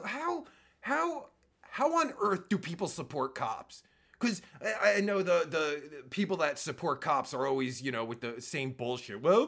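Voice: medium pitch, vocal fry, a bit bright, breathy edge. A reaction-video host giving angry, profane commentary, ranting and swearing constantly.

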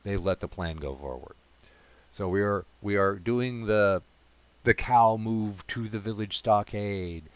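A deep-voiced man recounts a tabletop game adventure in a casual, animated way, full of comic asides. His voice is low and recorded dry and close, with no room sound. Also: unhurried, smooth, no room sound. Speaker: tabletop gamer telling a story. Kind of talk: casual storytelling monologue.

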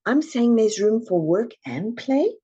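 A woman coach speaks earnestly in a podcast interview, acting out the voices people hear in their heads. Her tone is mellow and a little husky. The recording sounds slightly muffled and lo-fi. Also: fairly high pitch, big pitch swings, a little slow. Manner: earnest, emphatic, acts out clients' inner voices. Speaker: executive coach.

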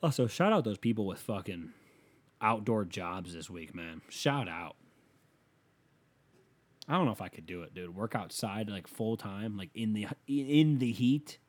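A man hosting a show, delivering a casual comedic rant that is profane and exasperated, with loud emphatic outbursts. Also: fairly low pitch, lively intonation, unhurried.

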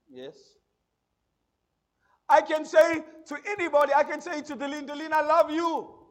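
A male pastor, preaching a sermon. He swings from loud proclamations to quiet asides and keeps asking the congregation questions. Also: extremely high pitch. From South Africa.

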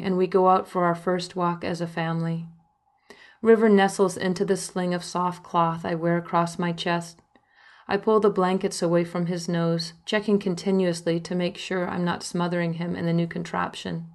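Reading her memoir aloud for an audiobook, a young adult author shares her life intimately in the first person, with emotional quoted lines. She speaks at a moderate pace in a low-leaning voice with a flat delivery.

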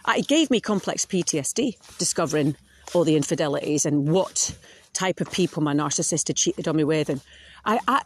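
A woman's voice: deep voice, animated, a little fast, slight background noise. Blunt woman podcasting solo. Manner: blunt, frank, swears freely. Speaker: podcast host. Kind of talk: casual monologue.

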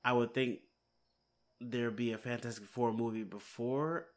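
A man's voice: mid-range voice, steady tone, measured pace. Male podcast host, casual solo chat, tired and rambling, recording at home. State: hiccups. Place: home, late at night.

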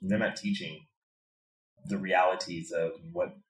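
Speaking with a very low, steady, and fairly bright voice, a Chicago man living abroad in Thailand answers interview questions at an unhurried, contemplative pace. Words get repeated as he works his way to a point, and the Bangkok room he's in echoes audibly.

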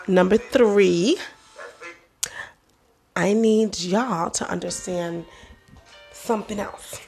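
Young woman vlogger, gravelly voice, loose slangy rambling talk, faint music behind. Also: mid-range voice, slow, pauses often, darkish tone. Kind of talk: casual monologue to viewers.

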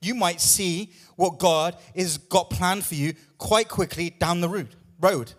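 A man's voice: high voice, a little slow. A man pastor preaching a sermon with emphatic, repetitive lines, out of breath at times.

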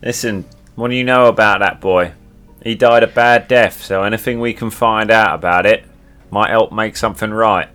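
Man, very low voice, gruff and folksy, in-character role-play, faint music. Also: fairly even intonation, normal speed, a bit bright. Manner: blunt, gruff, folksy speech. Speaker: player.

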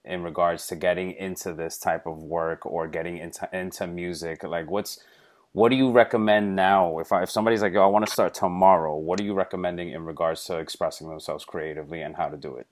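A man hosting an interview, asking questions in a relaxed, conversational way. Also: low voice, brisk. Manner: relaxed, conversational, checks in with "right?". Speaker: interview host.

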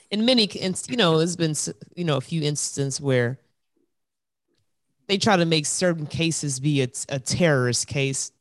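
A man co-hosting a podcast, talking casually in a halting way, full of fillers and restarts. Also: a little high, dry recording, studio quality. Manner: halting, full of "um" and "you know". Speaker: podcast co-host. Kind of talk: casual chat.

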